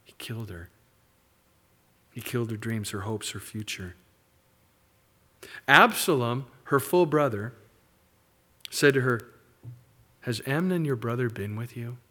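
Animated man preaching a sermon. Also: mid-range voice, a little slow, pauses often. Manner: animated preaching, mimics characters in asides. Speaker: pastor.

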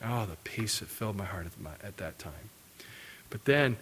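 A middle-aged male pastor preaching a sermon, telling a personal story with lively acted-out quotes before reading scripture. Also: on the low side, moderate pace, breathy edge. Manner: animated storytelling, acting out quotes.

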